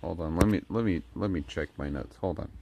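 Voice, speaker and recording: A man's voice: low voice, fairly quick, vocal fry, warm tone. A man vlogging in a rambling, casual way, full of crude jokes and asides.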